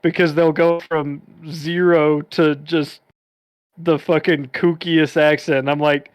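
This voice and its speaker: A man's voice: a little high, flat delivery, takes it slowly, clean tone, no room sound. A man co-hosting a podcast in casual chat, rambling with lots of fillers. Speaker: podcast co-host.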